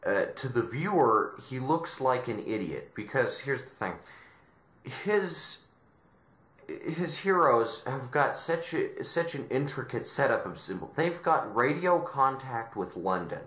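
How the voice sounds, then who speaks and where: Sarcastic and exasperated, a video reviewer rants about a show in a medium-pitched, a bit bright voice. His sentences keep restarting, and the recording sounds roomy and echoey.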